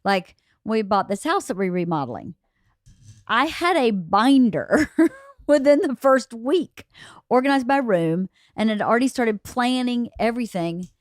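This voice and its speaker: A woman's voice: on the high side, lively intonation, unhurried, dry recording, clean studio sound. A middle-aged woman hosting a podcast, talking in a practical, reassuring way during a casual family conversation at home. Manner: practical, reassuring, explains things plainly. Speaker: podcast host. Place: home, late night.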